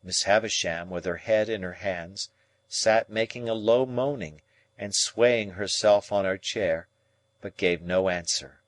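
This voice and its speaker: A man reading a classic novel aloud as an audiobook narrator, steady and unhurried. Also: fairly low pitch, no echo.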